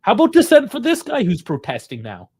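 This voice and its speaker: A man's voice: very high-pitched, wildly swooping pitch, a little fast, vocal fry, a little mellow, husky. A man giving live fan reaction to a football match, angry and frustrated, swearing heavily as he rants about the coach's choices.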